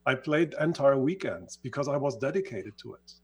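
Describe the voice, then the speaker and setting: A man's voice: mid-range voice, expressive, normal speed, a little hiss or hum. A man who is not a native English speaker, telling his life story in an interview, earnest and sometimes searching for words. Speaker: guest. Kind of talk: reflective storytelling in conversation.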